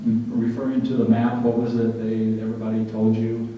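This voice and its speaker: A man's voice: medium pitch, completely flat delivery, normal speed. A man emceeing a luncheon panel, chatty and anecdotal, often repeating himself. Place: large banquet hall. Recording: dull, echoey hall from far off.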